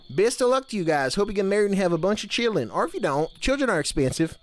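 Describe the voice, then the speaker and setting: High-voiced folksy streamer man. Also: very animated, fast. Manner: folksy camp-counselor persona, drawling "y'all". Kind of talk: casual live-stream chat. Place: home streaming room with blanket-draped backdrop.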